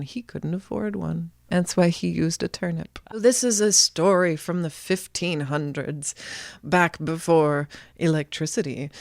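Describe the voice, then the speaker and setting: A woman hosting a podcast, telling a folk legend in a playful, animated way. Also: deep voice, no echo, studio quality. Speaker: podcast host, storyteller. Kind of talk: casual storytelling chat.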